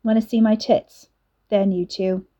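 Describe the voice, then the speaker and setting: A woman's voice: mid-range voice, little pitch movement, a little slow, mellow, highs cut off, close to an everyday voice. A woman voicing a giggly, taunting teenage girl bully who mocks and snaps. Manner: giggling, mocking, snappish.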